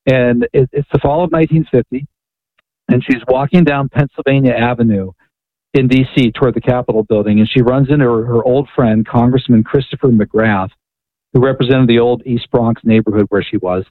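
A man's voice: mid-range voice, a little fast, no echo. A male author and radio guest telling a story eagerly, often asking "right?" to check in. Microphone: phone call-in. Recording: tinny phone line.

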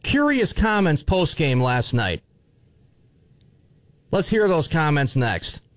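A man's voice: on the high side, big pitch swings, takes it slowly, a bit bright, no room sound. Jokey male sports radio host. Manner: jokey, conversational.

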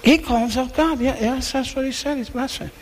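A man voicing gossiping male scribes who are scandalized, with a hushed, tattling delivery. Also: very high-pitched, fast talker, in a large hall, voice pushed up.

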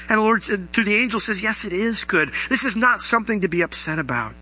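Bright-voiced man preaching a sermon. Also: sits high, sing-song, brisk, few pauses, rough recording. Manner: earnest, conversational preaching with rhetorical questions. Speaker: pastor.

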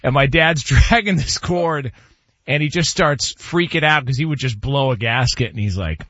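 Animated laughing man on sports radio. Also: mid-range voice, moderate pace, no room sound, lo-fi sound. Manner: laughing storyteller, shouts when imitating. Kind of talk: casual sports talk.

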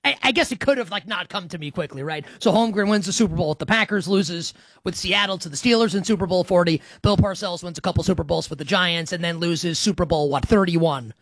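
A man's voice: high voice, a little fast, fairly bright tone, no room sound. A man hosting a sports betting talk show, chatty and teasing, often restarting his sentences. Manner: chatty, teasing, self-correcting. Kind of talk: casual sports talk radio.

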